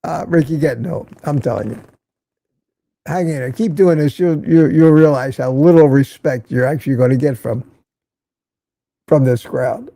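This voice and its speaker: A man's voice: a little high, normal speed, gravelly, pauses often, dark tone, no room sound. An older man hosting a casual livestream from Florida, reading viewer comments aloud and teasing them in a chatty way. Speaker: livestream host. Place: home in Florida.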